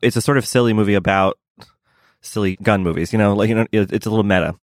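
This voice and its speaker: A man co-hosting a film podcast, relaxed and hedging with "I mean" and "you know". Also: fairly low pitch, fast, dry recording, studio quality. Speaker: podcast co-host, film critic. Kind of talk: casual podcast chat.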